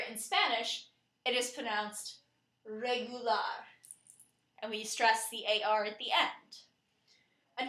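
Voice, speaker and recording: A woman narrating a scripted lesson in a clear, steady way, slowing down to spell out and pronounce words. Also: on the high side, reverberant. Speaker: teacher.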